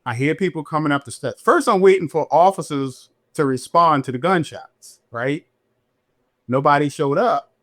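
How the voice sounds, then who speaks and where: A middle-aged man, a police officer and podcast guest, telling his story candidly and animatedly, jumping up in pitch when he acts out what people said. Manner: animated, acts out quotes in a higher voice.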